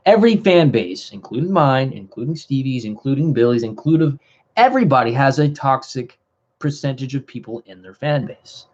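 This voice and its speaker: A man's voice: medium pitch, animated, moderate pace, darkish tone, lo-fi sound. A man hosting a commentary livestream, ranting in a heated, profane, rambling way with frequent restarts. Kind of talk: live commentary rant.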